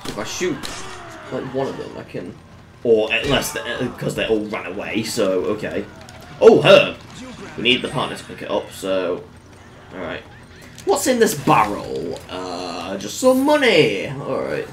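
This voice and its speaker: A man giving casual gameplay commentary in a fairly low voice. His pitch swings widely as he bursts into excited exclamations between relaxed remarks. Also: normal speed, slight background noise. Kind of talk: casual let's-play commentary.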